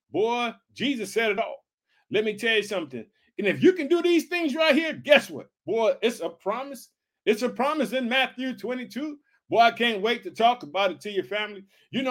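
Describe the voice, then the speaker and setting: Fervent high-voiced man preaching. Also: a bit bright. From Illinois, United States. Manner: fervent, repetitive calls of "guess what" and "hallelujah". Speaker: podcast preacher. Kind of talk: energetic podcast sermon.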